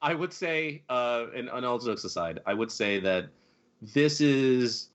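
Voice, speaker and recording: A man's voice: mid-range voice, lively intonation, measured pace, lo-fi sound. A man hosting a casual movie podcast, talking animatedly with lots of fillers and laughs. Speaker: podcast host.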